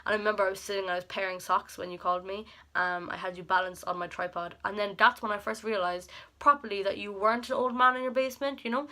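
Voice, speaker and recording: Bright-voiced young woman rambling fondly. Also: medium pitch, steady tone, quick pace. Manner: rambling and affectionate, heavy use of "like"; emotional, near tears at times. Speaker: vlogger. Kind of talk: heartfelt personal birthday message.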